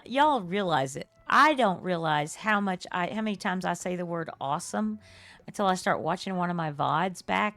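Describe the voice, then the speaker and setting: An older woman with a mid-range, creaky, slightly bright voice chats effusively while streaming a game live. She laughs often and keeps thanking her viewers.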